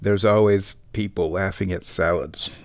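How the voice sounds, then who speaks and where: A man's voice: low-pitched, fairly even intonation, a little slow. A man around fifty hosts a casual solo show from home, rambling wryly and chuckling at his own jokes. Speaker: podcast host.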